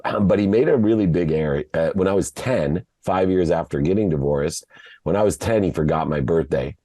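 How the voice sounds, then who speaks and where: A man from Ohio, a podcast guest, telling a personal story in an emotional, halting way, often repeating words. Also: deep voice, mellow, no room sound. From Ohio, USA.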